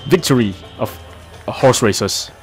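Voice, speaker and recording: A man's voice: mid-range voice, normal speed, faint music behind. A man giving crude, chatty commentary while playing a game. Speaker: gameplay commentator. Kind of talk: casual let's-play commentary.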